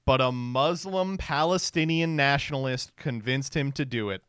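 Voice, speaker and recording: A man's voice: mid-range voice, lively intonation, a little slow, hardly any pauses, a bit bright, clear, resonant tone, no echo, studio quality. A man streamer giving casual reaction commentary, sardonic and profane, laughing often.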